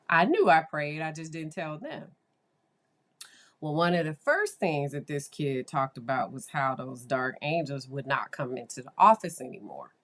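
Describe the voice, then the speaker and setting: A woman with an unusually deep, low-pitched voice tells a story in a relaxed monologue. She talks in an animated, confiding way and often turns aside to her listeners. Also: a little slow. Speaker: therapist.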